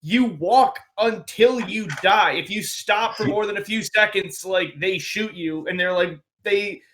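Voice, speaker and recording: A man's voice: sits high, measured pace, a bit bright. A man co-hosting a podcast, casually rambling through a story with fillers. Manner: rambling, summarizing a book. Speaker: podcast co-host. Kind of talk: casual chat.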